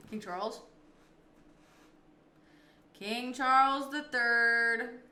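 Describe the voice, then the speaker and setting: A woman's voice: medium pitch, fairly bright tone, echoey room, slight background noise. A woman streamer chatting casually with her viewers and answering their messages. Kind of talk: casual live-stream chat.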